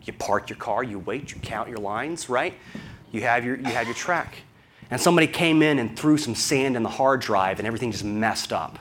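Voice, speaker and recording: A man's voice: mid-range voice, animated, normal speed, a bit bright, slight background noise. A man from the American South with a Southern accent, preaching a sermon in a conversational storytelling way, full of rhetorical questions. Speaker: pastor.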